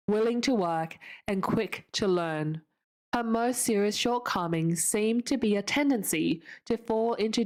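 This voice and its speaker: A woman streamer reading a novel aloud at an unhurried pace, with small slips and restarts. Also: lowish voice. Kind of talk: casual read-aloud narration.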